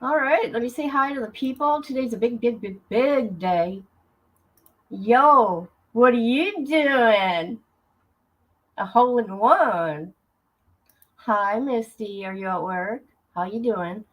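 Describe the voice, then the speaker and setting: A chatty woman hosting a casual livestream, her voice pitched a little high. She talks loosely and easily, greeting viewers one by one as she goes. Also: expressive, slow, rough recording. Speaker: livestream host.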